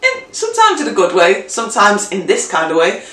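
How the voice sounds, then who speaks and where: A young woman telling a story in a casual vlog, animated and chatty, swearing freely. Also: medium pitch, a little fast, recorded from a distance. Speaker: vlogger. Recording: roomy, mic set back.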